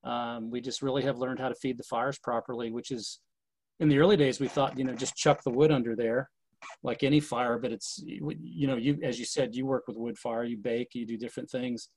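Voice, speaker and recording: A man chats casually and rambles, piling up fillers and restarting his sentences. His voice sits at a middling pitch. The sound is dry and close, with no room echo. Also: steady tone, brisk, darkish tone. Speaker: historic distillery manager. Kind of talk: casual conversation.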